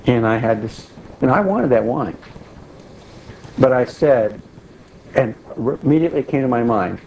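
Middle-aged man, casual sermon to a group, mellow tone, dull lo-fi recording. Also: mid-range voice, lively intonation, moderate pace, pauses often, a little hiss or hum. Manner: plain-spoken, repeats phrases for emphasis, asks the audience questions. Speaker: preacher teaching a group. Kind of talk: informal sermon.

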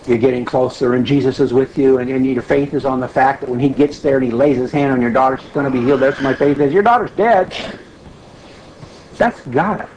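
A man's voice: mid-range voice, darkish tone, a little hiss or hum, rough recording. A man leading a Bible study group, teaching in a conversational, emphatic way and putting questions to the group.

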